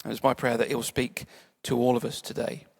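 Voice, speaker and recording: A man preaching a sermon in a church, conversational and playful, sometimes dropping to soft quiet tones. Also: mid-range voice, flat delivery, brisk, vocal fry. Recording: church hall reverb.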